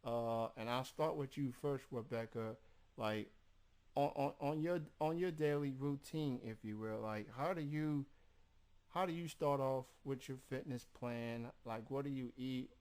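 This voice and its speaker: A man's voice: medium pitch, unhurried, darkish tone, clear, resonant tone. A man with a Southern accent hosting an interview, talking hesitantly with many fillers and restarts. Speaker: interview host. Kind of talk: casual interview.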